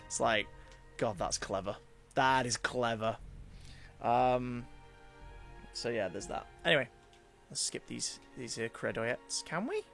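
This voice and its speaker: Gravelly man chatting on stream. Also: mid-range voice, animated, slow pace, pauses often, a bit bright, faint music behind. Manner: chatty storyteller, rambling with restarts, reads out chat. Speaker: game streamer. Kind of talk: casual live-stream chat.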